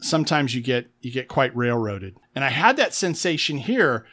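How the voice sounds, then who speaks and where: A man's voice: mid-range voice, big pitch swings, moderate pace, fairly bright tone. A man co-hosting a podcast, casually recapping a tabletop game episode with enthusiasm and making little mouth sound effects as he tells it. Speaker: podcast co-host. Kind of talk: casual chat recapping an actual-play game.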